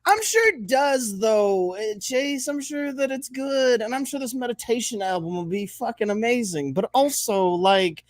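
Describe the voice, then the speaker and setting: A man co-hosting a sports podcast, ranting and swearing in lively casual chat. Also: very high-pitched, moderate pace, hardly any pauses, no room sound. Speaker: podcast co-host.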